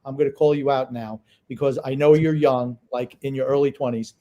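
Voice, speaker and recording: A man's voice: mid-range voice, fairly even intonation, fairly quick, warm tone. A man co-hosting a casual sports podcast, blunt and opinionated, swearing freely as he argues. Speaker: podcast co-host.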